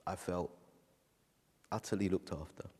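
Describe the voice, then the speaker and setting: A man preaching a sermon, telling a personal story in a halting, emotional way, recorded in a church. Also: deep voice, fairly even intonation, a little mellow, husky, long reverb tail. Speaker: pastor.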